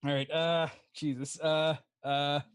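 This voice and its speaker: A man co-hosting a podcast, laughing as he switches through a rapid challenge of put-on voices. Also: a little high, level tone, clear, resonant tone, dry recording. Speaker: podcast co-host. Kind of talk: rapid-fire voice impressions challenge.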